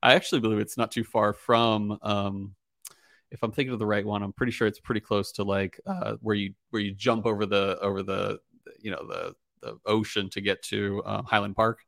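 A man's voice: fairly low pitch, fairly even intonation, a little fast, vocal fry, fairly bright tone, no echo, studio quality. A young man hosting a casual podcast chat, rambling with lots of fillers and easy laughter. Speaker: podcast host.

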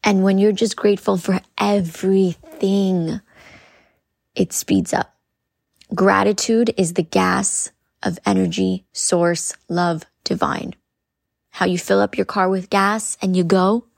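A woman's voice: mid-range voice, fairly even intonation, takes it slowly, gravelly, no room sound, clean studio sound. A woman podcast host giving an earnest spiritual coaching talk, repeating phrases and speaking directly to her listeners.

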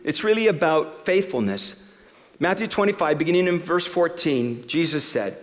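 A man giving a sermon, reading a rhyming story aloud in a rhythmic, expressive way before turning to scripture. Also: a little high, normal speed, big-room sound. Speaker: pastor.

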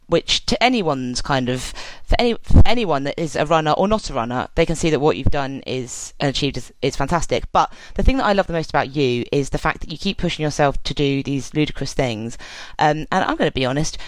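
A woman's voice: deep voice, no echo, poor audio. A woman hosting a podcast, chatting in a loose, joking, rambling way with lots of fillers. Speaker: podcast host. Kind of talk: casual podcast interview.

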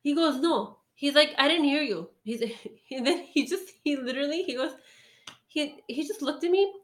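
Woman chatting away, slightly high voice, lots of likes and ums. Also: moderate pace, fairly bright tone. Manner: rambling storytelling with many fillers and laughs. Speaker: storyteller guest. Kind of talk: casual chat.

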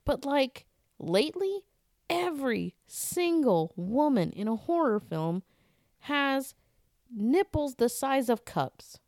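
A woman's voice: sits high, big pitch swings, slow pace, darkish tone, no echo. A woman co-hosting a casual podcast, blunt and profane with a dry humor. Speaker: podcast co-host.

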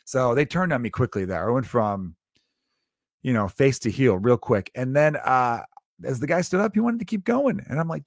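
A man in his thirties telling a story in a casual, animated and profane way, swinging between loud bursts and low asides. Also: a little fast, no room sound, clean studio sound.

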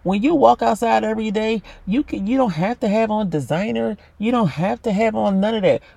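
A man's voice: high voice, fairly quick, vocal fry, mellow, dry recording. A man giving a blunt, swear-filled motivational monologue about self-love, talking straight to the listener. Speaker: self-help podcaster.

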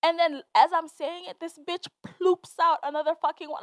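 A woman's voice: high-pitched, fairly even intonation, brisk, no echo. A young woman hosting a podcast alone, talking candidly and profanely, laughing and teary as she tells a personal story. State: teary, laughing through tears. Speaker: podcast host. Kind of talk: casual monologue.

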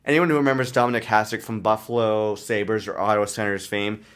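A man's voice: fairly low pitch, steady tone, fast talker, fairly bright tone. Man, 30s, podcast host, rambling self-mocking storyteller, casual. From Canada.

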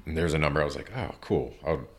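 Very deep-voiced man telling a story. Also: rapid-fire. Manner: profane, animated storyteller acting out quotes. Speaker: tattoo artist, guest. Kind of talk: casual storytelling interview.

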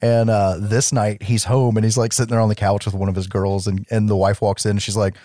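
A man's voice: on the low side, little pitch movement, fairly quick, warm tone, no echo. A man hosting a casual chat, recapping a movie in a loose, profane way. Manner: loose, profane, laughs often.

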